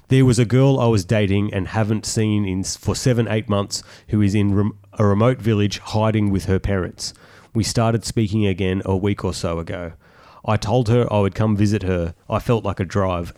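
Man, lowish voice, sarcastic, mocking, casual co-host. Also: a little mellow. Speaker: podcast co-host. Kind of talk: casual chat reading and mocking a thread.

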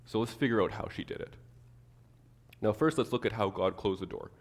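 A man preaching a sermon to his church, animated, acting out the people he quotes. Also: on the low side, a little fast, big-room sound. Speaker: pastor.

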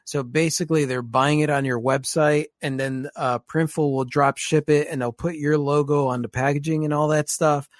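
A man co-hosting a live stream, talking fast and excitedly in a casual chat. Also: a little high, dry recording, clean studio sound.

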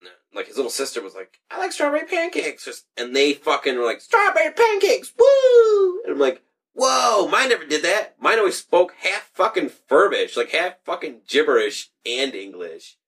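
Husky, lively young guy laughing and swearing. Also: medium pitch, moderate pace, far from the mic. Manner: laughing, swearing, animated storytelling. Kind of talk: casual profane banter.

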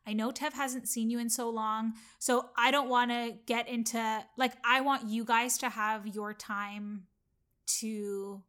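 A Canadian woman with a slightly high voice tells a story with lively energy. She acts out the lines people said in an easygoing, chatty way. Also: unhurried. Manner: animated storyteller, acts out quotes. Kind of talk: casual chat.

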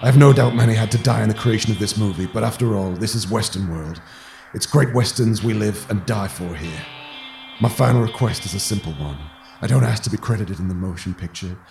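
Man doing a gravelly, solemn old cowboy. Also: fairly low pitch, brisk, noisy background, pitched below the performer's own voice. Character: dead old male cowboy writing a farewell letter. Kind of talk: comic game role-play. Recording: roomy reverb with guitar music.

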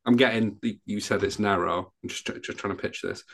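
A man's voice: lowish voice, steady tone, a little fast, gravelly, a bit bright. A man co-hosting a casual podcast, asking curious questions and trading teasing banter. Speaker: podcast co-host.

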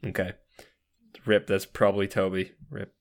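A man playing a tabletop role-playing game speaks in a casual, hesitant way. His voice sits a little low. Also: little pitch movement, normal speed. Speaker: player.

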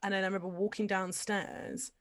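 A young woman telling a personal story in casual chat, candid and lively with lots of fillers. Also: mid-range voice, brisk, slight background noise.

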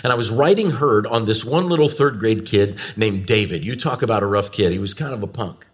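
Man, 40s, preacher, storytelling sermon, animated, swooping emphasis. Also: fairly low pitch, a little fast.

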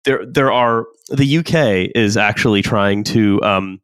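A man's voice: on the low side, unhurried, fairly bright tone, clear, resonant tone, dry recording. A man hosting a casual podcast chat who reads out legal text and often restarts his sentences. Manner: hesitant, many restarts and fillers. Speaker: podcast host.

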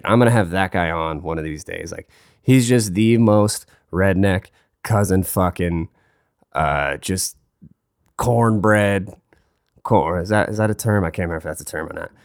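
A man's voice: low voice, dry recording, clean studio sound. A man hosting a casual solo talk, rambling and joking crudely, his voice stuffy from a cold. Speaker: podcast host.

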